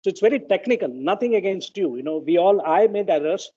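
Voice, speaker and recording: A man's voice: sits high, lively intonation, a little fast, dark tone. A man, reading and arguing emphatically in an online study group, often saying "okay". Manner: emphatic, apologetic, repeats "okay". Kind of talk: heated group discussion and reading. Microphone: video call. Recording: dull lo-fi video call audio.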